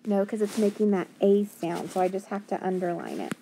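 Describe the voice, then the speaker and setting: Woman slowly sounding out phonics. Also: mid-range voice, creaky, dark tone, a little hiss or hum. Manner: slow, stretched-out sounding out of word parts; encouraging, asks and answers her own questions. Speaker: teacher. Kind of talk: phonics lesson.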